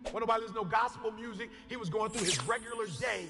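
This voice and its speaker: A man preaching an impassioned motivational sermon, shouting, repeating phrases and calling on his listeners. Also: sits high, racing, vocal fry. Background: background music.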